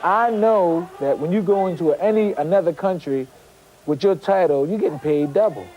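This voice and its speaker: A former boxer recounting old fights in an interview, in a somewhat high male voice. His speech is halting and full of repeated words. A faint ambient hiss sits behind him. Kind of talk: interview storytelling.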